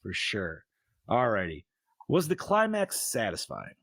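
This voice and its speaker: Animated, profane young man hosting. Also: fairly low pitch, a little slow, gravelly, no echo. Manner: laid-back, profane, animated. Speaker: podcast host. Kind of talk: casual chat.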